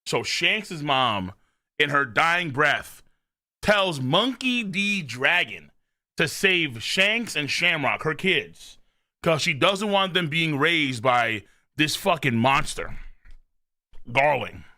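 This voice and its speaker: Excitable, cursing male streamer. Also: on the high side, slow. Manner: excitable, profane, rambling. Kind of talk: live manga reaction stream.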